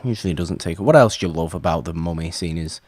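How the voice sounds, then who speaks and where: A man co-hosting a podcast, chatting casually about old films in an animated way and stumbling over his words now and then. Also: sits low, quick pace, no echo. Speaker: podcast co-host.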